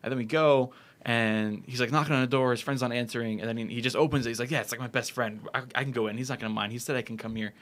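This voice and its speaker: A man telling a story as a podcast guest, acting out quoted lines with animated energy. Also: medium pitch, very fast.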